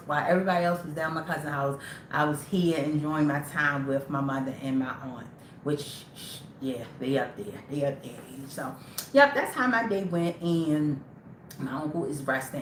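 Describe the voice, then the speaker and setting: Low-voiced woman chatting on a livestream. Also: brisk, reverberant, slight background noise. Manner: rambling, talks straight to viewers. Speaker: livestream host. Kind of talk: casual livestream talk.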